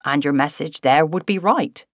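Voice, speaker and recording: A woman's voice: low-pitched, moderate pace, no echo, clean studio sound, natural voice. Woman doing a cheerful young Cornish boatman. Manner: easygoing, cheerful, teasing.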